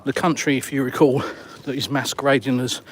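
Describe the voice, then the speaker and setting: A man's voice: medium pitch, flat delivery, brisk, slight background noise. A man from England with a southern English accent, chatting bluntly and with dry humor while live streaming outdoors and answering viewers. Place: outdoors by the coast.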